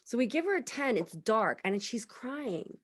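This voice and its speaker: A woman co-hosting a relaxed podcast conversation, animated as she tells a story. She acts out the lines of the people she describes, with her voice rising and falling. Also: on the high side, unhurried. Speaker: podcast co-host. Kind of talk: casual chat.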